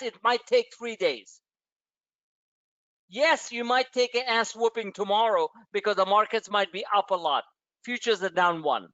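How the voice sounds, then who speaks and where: Man, trading webinar host, blunt, profane, emphatic, high voice, dry sound. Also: a bit bright, no echo, lo-fi sound. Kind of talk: live trading webinar rant.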